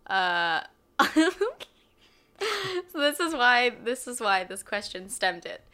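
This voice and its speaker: Giggly, bright-voiced woman podcast co-host. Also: medium pitch, lively intonation, slow pace, smooth. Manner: giggly, rambling, laughs often. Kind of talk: casual chat.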